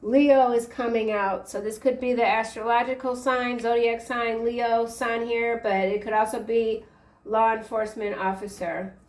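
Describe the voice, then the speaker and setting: A woman giving a casual tarot reading, rambling and halting as she works through the cards. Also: a little high, little pitch movement, darkish tone, reverberant, recorded from a distance. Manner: rambling, halting stream of card interpretations. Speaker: tarot reader.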